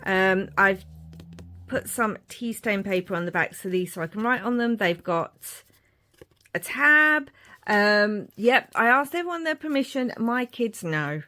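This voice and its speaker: A woman's voice: medium pitch, animated, measured pace. A woman, chatting casually as she shows her crafting journal pages. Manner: chatty, rambling, warm asides. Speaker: crafting vlogger. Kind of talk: casual show-and-tell narration.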